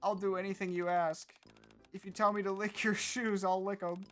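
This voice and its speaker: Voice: medium pitch, level tone, normal speed, a bit bright, soft background music, voice pushed up, natural voice. A streamer voicing a timid, anxious young woman from a game who stammers and begs for forgiveness. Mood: pleading. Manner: stammering, apologetic, clingy. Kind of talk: reading game dialogue aloud.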